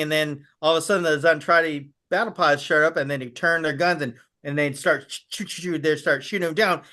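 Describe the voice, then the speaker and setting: Man, podcast guest, bright higher voice, eager and rambling, acts out quotes. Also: steady tone, fairly quick. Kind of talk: casual interview chat.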